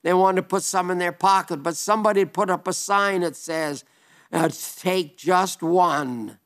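A man's voice: sits high, fairly even intonation, a little fast, a bit bright, smooth. A man preaching a sermon in an earnest, emphatic way, quoting old-fashioned scripture.

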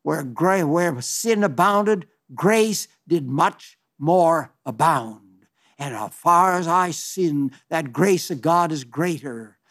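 High-voiced preacher in his nineties. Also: expressive, slow pace, fairly bright tone. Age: 90s. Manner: fervent, folksy, with frequent restarts. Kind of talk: sermon.

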